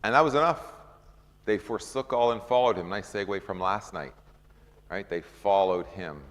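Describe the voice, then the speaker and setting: Male Bible study leader, low voice, conversational teacher who dramatizes scripture, recorded in a reverberant hall. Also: normal speed, fairly bright tone. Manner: conversational, asks the group questions, acts out scripture scenes.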